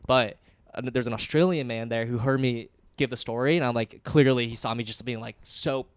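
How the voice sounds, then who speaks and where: A young man co-hosts a casual podcast, retelling a trip with animated energy and acting out what people said. His voice is smooth and resonant. The sound is close and dry, with no room around it. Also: mid-range voice, fairly quick, no room sound. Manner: animated retelling, acts out quotes, swears freely. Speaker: podcast co-host. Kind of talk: casual storytelling chat.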